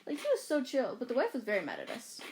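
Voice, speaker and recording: A woman with a fairly high voice chats loosely as a podcast co-host. She tells a story in a rambling way, with lots of fillers and quoted lines. She is recorded in a bedroom. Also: huge pitch swings, fast talker, background noise. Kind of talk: casual chat, storytelling.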